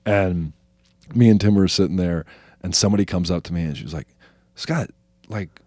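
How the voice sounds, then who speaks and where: A man, a comedian from New Jersey, telling a story in casual chat, animated, swearing and acting out the people he quotes. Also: deep voice, fast talker, no echo. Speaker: comedian guest.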